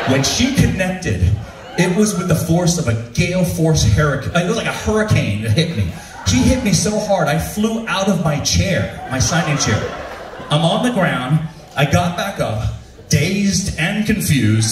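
A man's voice: a little slow, background noise. A man, an actor, telling a comic convention story live on stage and acting out the people in it. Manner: animated, acts out quoted voices with big pitch jumps. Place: large room with a live audience, from far off. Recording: echoey room, distant mic, faint ambience.

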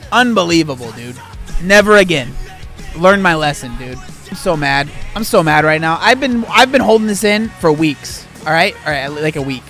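A man hosting a casual vlog, ranting in an exasperated, animated way and tossing in "dude" and "bro". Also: sits high. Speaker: food vlogger host.

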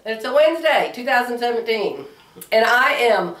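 Slightly hoarse middle-aged woman vlogging, giggly and chatty, a bit far from the mic in a roomy space. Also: on the high side, animated, moderate pace, fairly bright tone. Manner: chatty, giggly, with playful squeals. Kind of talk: casual chat. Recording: echoey room, away from mic.

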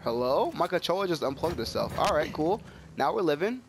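A young man with a cold giving excitable, chatty commentary while playing a shooter game. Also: on the high side, brisk, vocal fry, a little hiss or hum. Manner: excitable, yelps and trails into chatty stories. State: sick with a cold, coughing. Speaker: gaming YouTuber. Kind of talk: casual gameplay commentary. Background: game gunfire.

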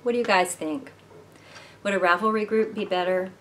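A woman's voice: mid-range voice, steady tone, normal speed, a bit bright, slight background noise. A woman hosting a knitting video podcast at home, chatting and rambling casually to camera and asking her viewers questions. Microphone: camera mic, moving handheld camera.

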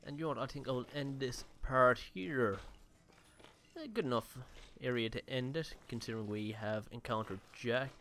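A man's voice: medium pitch, normal speed, fairly bright tone, a little hiss or hum. A man giving casual, rambling let's-play commentary on his own game session, with mild swearing. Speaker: gaming YouTuber.

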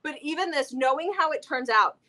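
A woman's voice: high voice, lively intonation, fairly quick, sharp tone. A woman in her thirties, co-host of a book channel, chatting casually and enthusiastically about books. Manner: enthusiastic, talkative, laughs often.

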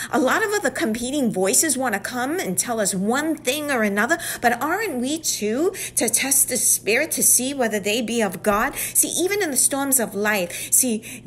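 An earnest woman teaching from the Bible, her voice pitched a little high. She leans into key words and often sinks to a soft whisper for emphasis. A faint rumble runs under the recording. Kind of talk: devotional teaching.

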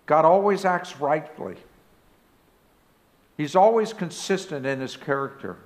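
A man preaching a sermon as pastor of a church. He speaks emphatically and rises now and then to loud exclamations. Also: on the high side, animated, unhurried. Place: church sanctuary.

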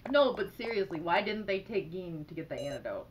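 A woman playing a story game and commenting on it casually, expressive, cursing freely and laughing often. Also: on the low side, a little fast. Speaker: let's play streamer. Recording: game music playing behind.

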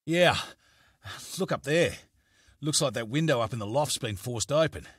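A man voicing a rough-talking, impatient male country police officer who swears bluntly, for an audiobook. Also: mid-range voice, brisk, pushed and bright, dry recording, studio quality. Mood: gruff. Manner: coarse, blunt, swears freely. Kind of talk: audiobook character voice.

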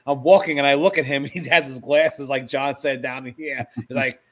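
A middle-aged man co-hosting a podcast, telling a relaxed anecdote in casual chat. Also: medium pitch, normal speed. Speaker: podcast co-host.

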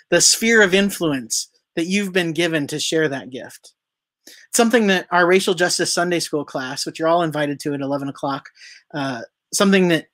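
A pastor giving a sermon in a conversational way, asking the congregation questions and now and then pausing on fillers and correcting themselves. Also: medium pitch, fairly bright tone. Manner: conversational preaching with rhetorical questions; occasional fillers and self-corrections.

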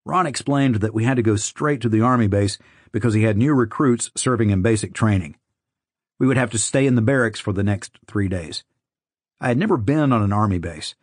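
A man's voice: on the low side, dry recording, clean studio sound. Man narrating a memoir audiobook. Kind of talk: scripted first-person audiobook narration.

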